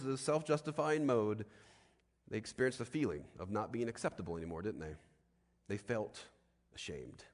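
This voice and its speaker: An emphatic male preacher delivering a sermon, with his voice sitting at an average pitch. He keeps asking rhetorical questions, and the sound rings with a long reverb from a large hall.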